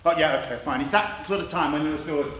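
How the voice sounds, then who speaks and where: A man leading an interactive drama workshop, coaxing participants and narrating a story in a lively way. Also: on the high side, fast. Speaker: workshop leader. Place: theatre stage with a group. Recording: echoey theatre with audience.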